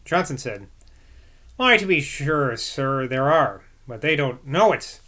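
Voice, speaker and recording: A man's voice: medium pitch, animated, takes it slowly, bright, forceful tone. A man reading aloud from a classic book and breaking off to muse and second-guess himself between passages. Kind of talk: reading aloud with casual asides.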